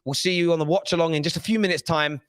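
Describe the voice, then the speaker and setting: A man hosting a live football stream, energetic and animated. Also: a little high, very fast, no echo. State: out of breath. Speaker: host.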